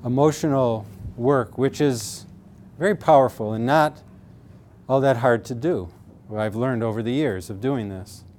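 A middle-aged man speaks with earnest conviction about the emotional side of pain. His voice sits at an ordinary male pitch, and his talk is steady and explanatory. He often drops into the words of his patients and acts them out with feeling. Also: a little hiss or hum. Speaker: pain therapist.

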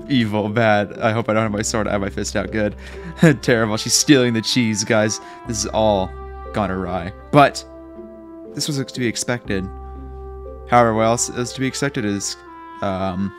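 A man with a fairly low voice narrates his gameplay in a rambling, self-mocking way, cracking jokes as he goes. Faint guitar music plays underneath him. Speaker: Minecraft YouTuber. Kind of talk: gameplay commentary.

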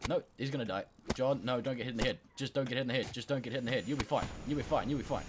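A man commentating on a game he is playing, excitable and swearing, a bit sick and clearing his throat. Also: mid-range voice, very fast, background noise. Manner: excitable, swearing, yelping at failures. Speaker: gameplay commentator. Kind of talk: let's play commentary.

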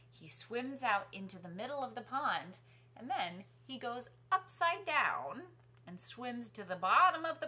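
A woman hosting a children's music class from her living room, singing nursery songs and talking gently to young kids. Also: mid-range voice. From New York City. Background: guitar accompaniment.

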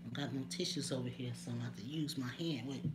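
A woman's voice: very deep voice, fast talker, very noisy. A woman chatting casually on a live stream from home, laughing often and talking to her viewers by name.

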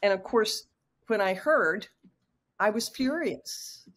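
A woman's voice: mid-range voice, expressive, slow pace. A woman in her sixties telling a personal story frankly and with emotion as a guest on a video call. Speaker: guest author.

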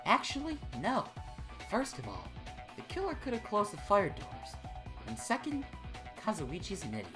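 A woman's voice: medium pitch, normal speed. A woman voicing a blunt, exasperated young male student working out a murder case. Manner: blunt, deadpan reasoning. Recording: background game music.

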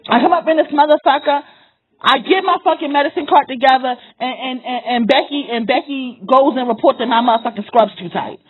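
A woman with a husky, breathy voice that sits high and carries a forceful, profane delivery. She speaks straight to the listener and hammers her points by repeating them. The sound is thin and tinny, like a phone line. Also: fairly quick. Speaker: vlogger. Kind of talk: impassioned direct-to-camera monologue.

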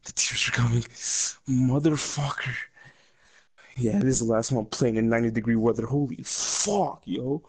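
A man's voice: medium pitch, normal speed, warm tone, husky. A man giving casual gameplay commentary while in pain from a leg cramp, swearing and groaning to a friend. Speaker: gaming streamer.

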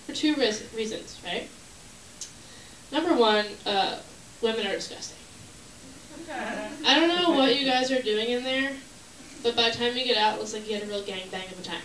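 A woman performing a stand-up comedy set, animated, working the crowd and acting out bits. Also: on the high side, normal speed, long pauses. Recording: echoey room from far off, noisy.

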